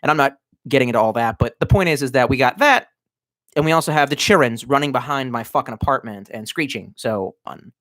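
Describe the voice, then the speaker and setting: A man's voice: mid-range voice, brisk, a bit bright, no echo, studio quality. Tipsy man ranting on a livestream. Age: 30s. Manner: rambling, profane, sardonic. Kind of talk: casual livestream rant. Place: cramped bedroom at home.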